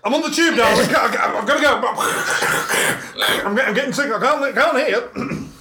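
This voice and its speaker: A man's voice: very high voice, normal speed, sharp tone, voice pushed up. A man acting out a flustered husband caught cheating, making panicky excuses. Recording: echoey room with clear background noise.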